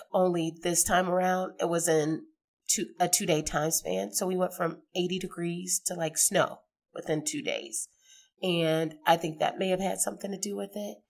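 Middle-aged woman, podcast host, hoarse, gravelly, chatty, rambling, lower voice. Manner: chatty and rambling, laughs easily. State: hoarse from a sinus infection. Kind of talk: casual podcast monologue.

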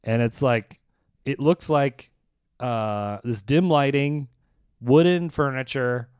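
A man's voice: medium pitch, takes it slowly, a little mellow, clean tone, dry recording, studio quality. A man, a stand-up comedian, telling a story in casual podcast chat, acting out the people in it and laughing often.

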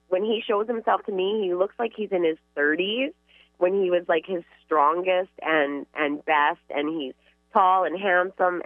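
A woman, co-host and medium, passing on messages in a gentle, chatty way full of "like" fillers. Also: lowish voice, dry recording, phone-quality sound. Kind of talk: relaying spirit messages in casual chat.

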